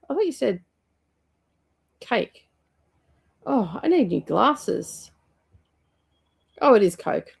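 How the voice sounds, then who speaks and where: A woman's voice: mid-range voice, very animated, slow, vocal fry, long pauses, darkish tone, husky. A young woman hosting a casual book club livestream, chatty and rambling as she reads out viewer comments with lots of ums and laughs.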